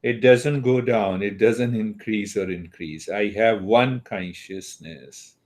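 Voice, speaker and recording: A man teaching meditation slowly and calmly, with long pauses and Sanskrit terms. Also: fairly low pitch. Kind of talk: spiritual teaching talk.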